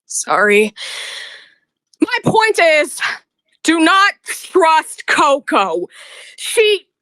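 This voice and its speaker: A woman with a very high, bright voice delivers a bitter, accusing rant straight to camera. She speaks slowly and stammers over her words. The recording is dry and close. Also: sing-song, no echo. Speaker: video creator. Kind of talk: emotional rant vlog.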